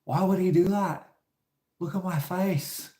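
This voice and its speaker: A man doing a high whining little girl, echoey room. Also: measured pace, warm tone. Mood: whiny. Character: upset little girl with drawn-on face.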